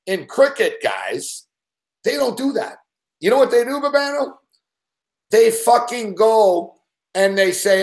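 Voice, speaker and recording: A man's voice: high-pitched, sing-song, unhurried, pauses often, a little mellow. A man hosting a show, telling a long profane story in an agitated, swearing rant. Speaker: show host.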